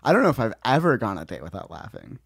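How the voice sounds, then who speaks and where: An easygoing man chatting as a guest on a comedy podcast, chuckling between remarks. His pitch moves in a lively way. The recording is dry, with no room echo. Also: fast, creaky, husky. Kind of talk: casual comedy podcast chat.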